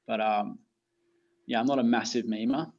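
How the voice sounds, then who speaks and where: A man's voice: mid-range voice, moderate pace, creaky. Chatty English man, lo-fi sound. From England. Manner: chatty, animated storytelling. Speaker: teacher, guest. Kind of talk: casual chat.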